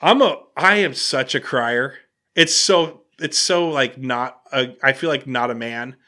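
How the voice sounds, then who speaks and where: A man hosting a casual podcast, telling an animated story and restarting his sentences often. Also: medium pitch, measured pace. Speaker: podcast host.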